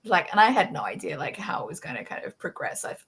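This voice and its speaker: A woman with an Australian accent hosting a casual chat, talking in quick bursts full of fillers and restarts, laughing often. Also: on the low side, big pitch swings, a bit bright, breathy edge. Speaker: podcast host.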